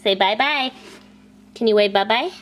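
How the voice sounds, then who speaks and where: A woman's voice: a little high, normal speed, heavy background noise. A woman filming her baby at home, talking to her in playful sing-song baby talk. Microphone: handheld home camera.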